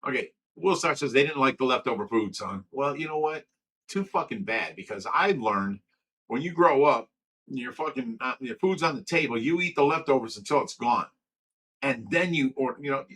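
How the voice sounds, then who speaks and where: A man's voice: mid-range voice, expressive, normal speed, a bit bright. A man hosting a casual livestream, blunt and rambling, reading chat comments aloud and talking at length. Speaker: livestream host. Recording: from a distance with faint background noise.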